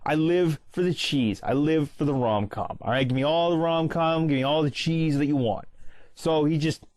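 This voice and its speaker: A man's voice: a little high, moderate pace, darkish tone, no room sound. A man in his early thirties, host of a movie commentary channel, chattily retelling a film's ending and quoting its lines in a casual monologue. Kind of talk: casual film recap monologue.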